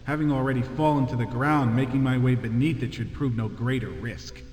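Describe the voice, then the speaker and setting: A man's voice: medium pitch, fairly even intonation, fairly quick, darkish tone, lightly acted. A man voicing a proud wounded bird-man warrior. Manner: formal, honor-bound, vengeful. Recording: game audio with roomy reverb.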